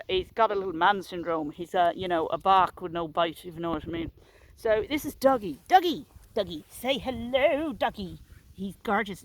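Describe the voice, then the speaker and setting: A woman's voice: fairly low pitch, slight background noise. A woman in her thirties chatting casually into her phone while walking outdoors, telling a story in a rambling, jokey, self-mocking way. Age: 30s. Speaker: vlogger walking her dogs. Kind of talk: casual chat to a phone camera. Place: outdoors, walking in a public area. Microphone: handheld phone.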